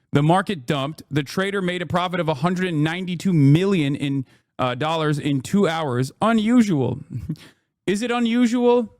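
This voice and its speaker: A man's voice: fairly high pitch, darkish tone, no echo, studio quality. A man in his thirties ranting sarcastically and with profanity as he reacts to news on a live stream. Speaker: political streamer. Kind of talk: casual reaction commentary.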